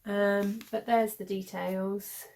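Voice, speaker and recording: A British woman in her thirties hosts a knitting podcast, rambling through a casual show-and-tell chat with lots of fillers and self-corrections. She's a little hoarse from losing her voice. Her mid-range voice is flat, slow, and a little mellow.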